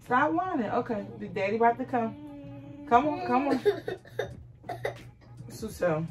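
A woman's voice: fairly high pitch, animated, unhurried. A young woman and mother talking casually to her viewers in a family vlog, chatty and coaxing her child along. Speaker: vlogger and mother.

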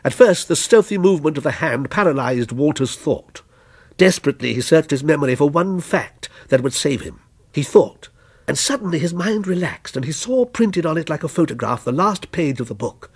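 Gravelly, expressive male story reader. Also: fairly high pitch, normal speed. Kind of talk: dramatic story reading.

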